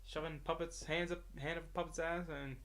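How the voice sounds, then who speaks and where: A man's voice: on the high side, level tone, a little fast, a bit bright. A man co-hosting a podcast, talking in wry, meandering casual chat with frequent restarts. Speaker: podcast co-host.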